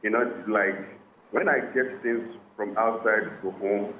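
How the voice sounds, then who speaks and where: Guy calling into a radio show, halting and repetitive, sounds muffled and roomy. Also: fairly low pitch, steady tone. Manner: halting, repeats words, asks "are you getting it?". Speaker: caller. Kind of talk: phone-in comment. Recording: muffled, roomy phone line with faint noise.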